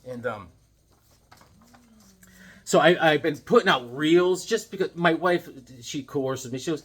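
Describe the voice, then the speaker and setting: A man rambles through his comic book haul in a casual vlog, cracking jokes and cutting himself off. His voice is on the high side, very animated and husky, with a fairly bright tone and a moderate pace.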